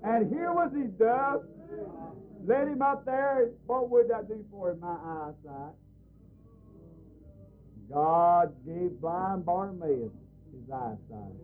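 A man preaching a storytelling sermon, fervent and sometimes rising to shouts. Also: high-pitched, lively intonation, slow pace, pauses often. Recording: tinny phone-like old tape.

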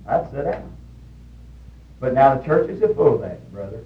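A man preaching a sermon in a folksy storytelling way, with sudden shouted bursts when he quotes people. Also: medium pitch, very animated, moderate pace. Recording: roomy, distant, dull old recording with faint hiss.

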